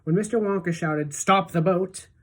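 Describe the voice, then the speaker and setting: A woman teacher reading a children's novel aloud to her class in a steady, even storytelling voice. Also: on the low side, moderate pace.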